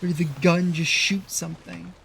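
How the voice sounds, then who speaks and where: Man, game streamer, high gravelly voice, rambling and cursing, light background hiss. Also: little pitch movement, moderate pace, a bit bright. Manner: rambling, swears, talks to himself while playing. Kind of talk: live gameplay commentary.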